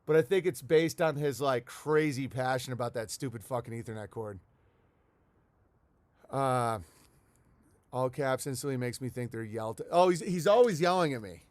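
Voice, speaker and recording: A man's voice: medium pitch, moderate pace, dry recording. A man hosting a casual livestream from home, rambling and swearing as he talks to his chat and reads viewer letters aloud. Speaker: livestream host. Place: at home in the countryside.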